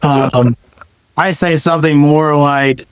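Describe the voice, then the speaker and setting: Blunt, smooth-voiced male guest. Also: fairly high pitch, fairly even intonation, slow, dry recording, rough recording. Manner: blunt, joking, plainspoken storyteller. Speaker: guest, wealth manager. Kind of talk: casual interview chat.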